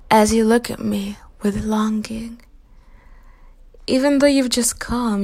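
A woman's voice: mid-range voice, darkish tone. A woman speaking a teasing, dominant whispered role-play straight to the listener, often dropping into an unvoiced whisper. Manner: teasing, dominant, intimate second-person address.

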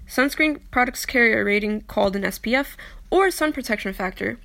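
A woman's voice: a little high, animated, a little fast, gravelly, a bit bright. A young woman in casual vlog talk, chatty and self-deprecating, often stumbling as she reads aloud. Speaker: vlogger. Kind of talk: casual chat, reading aloud.

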